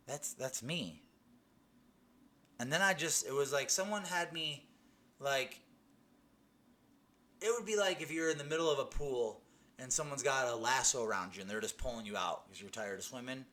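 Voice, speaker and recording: A man's voice: medium pitch, sharp tone. A young man giving a personal faith testimony, telling his story earnestly with many restarts and "you know"s. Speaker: testimony speaker.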